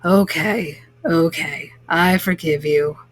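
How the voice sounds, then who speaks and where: Woman reading as a proud baker man, gruff and very low, dry close sound. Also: takes it slowly, no room sound. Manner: deep gruff put-on voice. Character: proud adult male cookie baker.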